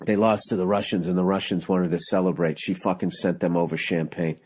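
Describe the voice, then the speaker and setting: A man's voice: low voice, fairly even intonation, brisk, a little mellow, breathy edge. A man in his forties hosting a podcast in a casual, profane, rambling chat, cracking jokes as he goes. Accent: Boston. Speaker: podcast host.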